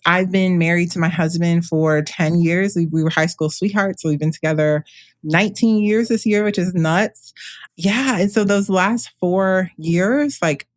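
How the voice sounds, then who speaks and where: A woman's voice: fairly low pitch, measured pace, no room sound. A woman in her thirties speaks as a guest on an interview podcast. She talks in a thoughtful, meandering way and often restarts her sentences. Her voice is recorded close and dry. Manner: thoughtful, with many fillers and restarts. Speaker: astrologer guest. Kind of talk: casual interview conversation.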